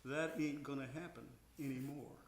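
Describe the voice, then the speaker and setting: A man's voice: medium pitch, fairly even intonation, roomy sound, a little hiss or hum. An older man, a veteran opera tenor, talking reflectively about singing at a stage Q&A and now and then singing short examples. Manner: reflective, slow, sings short examples to illustrate. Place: concert house stage.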